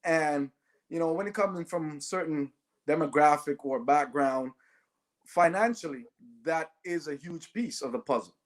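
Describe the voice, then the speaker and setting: A man tells stories in an animated way. His voice sits a touch higher than most men's, and he often checks in with a quick "right?". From Jamaica. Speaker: guest, former Olympic sprinter. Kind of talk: storytelling in a podcast interview.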